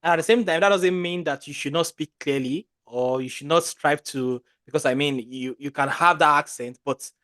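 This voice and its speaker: A man hosting an online session, thanking the speaker and pausing often to find his words. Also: fairly high pitch, pushed and bright, no room sound. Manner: hesitant, with fillers and restarts. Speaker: webinar host.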